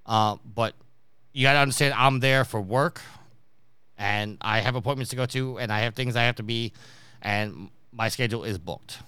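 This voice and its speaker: Bright, crisp-voiced man hosting a podcast. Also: medium pitch, normal speed, no room sound. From New York. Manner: storytelling, acting out quoted people. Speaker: podcast host. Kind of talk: casual podcast chat.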